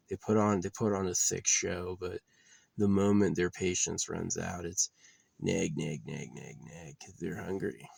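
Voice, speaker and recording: Low, gravelly man ranting bitterly. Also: a little mellow, no echo. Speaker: vlogger. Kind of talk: rambling monologue.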